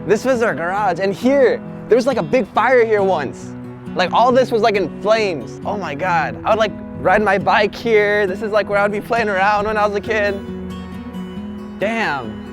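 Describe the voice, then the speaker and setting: Excitable young guy vlogging, lively pitch. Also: moderate pace. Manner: excitable, slangy, lots of 'like' and 'bro'. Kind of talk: casual on-location vlog. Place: outdoors at his childhood home. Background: guitar music.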